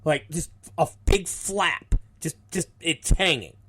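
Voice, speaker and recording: A male show host and wrestling promoter, telling a story casually in a profane, animated way. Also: fairly high pitch, slow pace, slight background noise. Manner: animated, profane, acts out the people in his stories.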